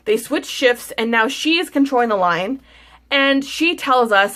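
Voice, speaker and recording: A woman's voice: a little high, normal speed, bright, forceful tone. Woman beauty vlogger, casual storytime rant; frustrated, rambling, swears often. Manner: venting, frustrated, swears freely; repeats words, rambling with restarts.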